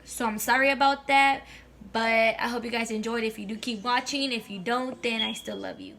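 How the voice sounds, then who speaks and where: A woman's voice: on the high side, steady tone, normal speed, creaky, fairly bright tone, slight background noise. A young woman telling a casual storytime on her vlog, chatty, slangy and swearing freely. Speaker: vlogger.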